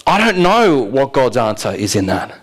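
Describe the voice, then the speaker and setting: A man's voice: medium pitch, big pitch swings, moderate pace, poor audio. A man preaching a sermon in a conversational way, asking the congregation rhetorical questions and often laughing. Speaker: pastor.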